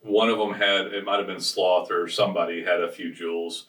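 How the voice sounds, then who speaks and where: This man co-hosts a business podcast and tells rambling, casual stories with frequent restarts. He's low-pitched with fairly even intonation, talks fairly quickly and sounds a bit bright. He's recorded from a distance, giving an off-mic, roomy feel.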